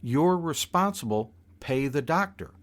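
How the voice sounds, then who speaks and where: Older man voicing a firm, scolding mother, raised pitch, no-nonsense. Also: lively intonation, unhurried. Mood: stern. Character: stern mother scolding her son.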